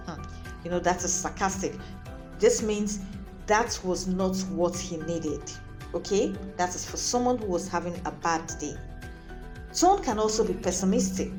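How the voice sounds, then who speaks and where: A woman teaching a classroom lesson in a fairly low voice. She speaks slowly and deliberately, going back over each point and checking that her listeners follow before moving on. Faint music plays underneath. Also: lively intonation, a little mellow.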